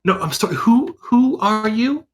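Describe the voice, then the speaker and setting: A man's voice: mid-range voice, big pitch swings, fairly quick, background noise, lightly acted. A man voicing a flirtatious, suspicious gambling woman who quizzes a stranger. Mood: probing.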